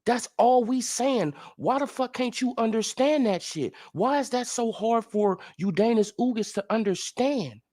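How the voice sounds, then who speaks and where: A man's voice: very high-pitched, animated, measured pace, hardly any pauses, mellow. A man ranting in sports commentary as a vlogger, profane and incredulous, firing off heated rhetorical questions.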